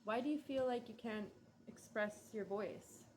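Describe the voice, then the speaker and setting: A woman's voice: fairly high pitch, darkish tone, a little hiss or hum. A woman giving a casual tarot reading, musing and hesitant, drowsy and yawning. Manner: slow, musing, hesitant with many ums and likes. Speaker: tarot reader.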